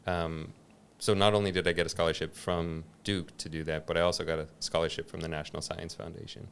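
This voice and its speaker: A man's voice: low voice, flat delivery, fast, slight background noise. A man, a podcast guest, talking in an easygoing way with dry teasing humor. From United States. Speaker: guest, executive coach. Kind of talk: relaxed conversational interview.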